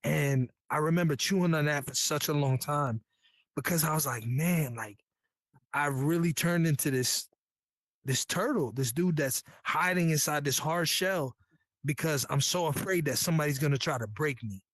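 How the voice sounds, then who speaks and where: A man from New York tells his Navy story in a casual, candid way, full of slang and earnest asides. His voice sits fairly high, and the sound is close and dry. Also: normal speed, a bit bright, no room sound. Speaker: Navy veteran guest.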